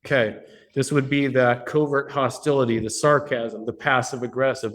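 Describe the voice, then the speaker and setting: A man's voice: mid-range voice, fairly even intonation, moderate pace, fairly bright tone. Guy coaching a room full of people, blunt and sweary, keeps asking if they follow. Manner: blunt, profane, keeps checking in with the audience. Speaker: business coach hosting a mastermind. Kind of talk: live workshop teaching. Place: meeting room with a live audience.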